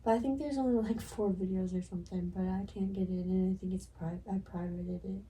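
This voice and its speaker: A woman's voice: medium pitch, steady tone, brisk, warm tone. A young woman co-hosting a podcast in casual chat, giggly and a little hesitant. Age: young adult. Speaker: podcast co-host. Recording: distant mic with faint noise.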